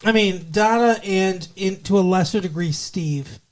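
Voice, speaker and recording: A man's voice: high voice, a little slow. A man co-hosting a podcast, chatting jokily and rambling as he recaps a TV episode. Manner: jokey, rambling, slips into put-on accents and quoted voices. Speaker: podcast co-host. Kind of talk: casual chat recapping a TV episode.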